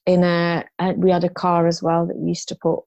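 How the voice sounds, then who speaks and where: A woman's voice: lowish voice, completely flat delivery, brisk, gravelly, darkish tone, dry recording, muffled recording. A woman in her fifties, a guest in an interview, telling her story frankly and ramblingly, with restarts and rueful laughs.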